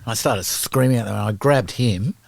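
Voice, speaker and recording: Podcast guest, Australian man, husky and gravelly, lively anecdotal storyteller, dry close sound. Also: fairly low pitch, moderate pace, dry recording. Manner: animated, swears freely, acts out quotes. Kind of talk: casual storytelling.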